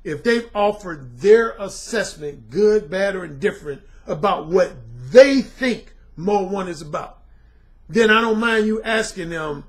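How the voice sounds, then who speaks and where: Blunt, high-voiced man ranting casually. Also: lively intonation, measured pace. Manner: blunt, colloquial, repeats "man". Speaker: dating coach. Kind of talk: casual monologue to viewers.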